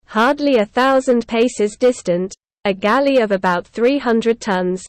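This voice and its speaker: Woman narrator, measured storybook reading, smooth clear voice, dry close sound. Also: a little high, no echo. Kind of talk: scripted narration of a novel for English learners.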